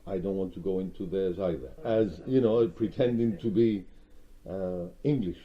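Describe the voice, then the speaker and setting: A Gibraltarian man speaking in an interview, measured and proud, with hesitant fillers. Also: low-pitched. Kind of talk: reflective interview talk. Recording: muffled, dull sound.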